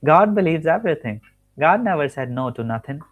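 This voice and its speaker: A man with a fairly high, very animated voice speaks at a moderate pace over phone-quality sound. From home, he gives an earnest, repetitive teaching monologue on manifestation, often restarting and correcting his words mid-sentence.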